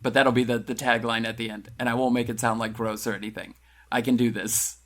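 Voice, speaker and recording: A man's voice: medium pitch, little pitch movement, a little fast. A man co-hosting a casual comedic chat, riffing playfully on jokes. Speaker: podcast co-host.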